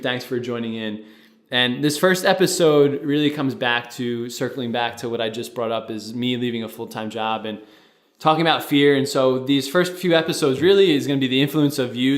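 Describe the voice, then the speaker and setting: A man's voice: medium pitch, reverberant. A young man casually co-hosting a podcast, rambling a little with fillers and restarts. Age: young adult. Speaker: podcast founder and co-host. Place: studio with a producer present.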